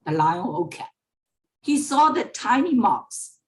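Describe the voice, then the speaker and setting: Brief: female teacher, online class, patient storytelling, repeats every line, very slow pace. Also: medium pitch, sing-song. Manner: slow, repeats each sentence and explains words. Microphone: online class microphone.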